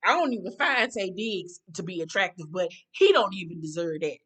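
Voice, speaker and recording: A woman's voice: lowish voice, lively intonation, normal speed, a bit bright. A woman giving a blunt, profane, casual recap of a reality TV episode, talking like an exasperated friend. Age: adult.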